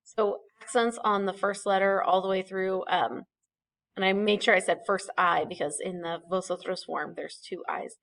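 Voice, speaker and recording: A woman's voice: mid-range voice, fairly even intonation, normal speed, creaky, fairly bright tone. A woman, teaching a recorded classroom lesson in a patient, explanatory way, with fillers and small self-corrections. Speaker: Spanish teacher.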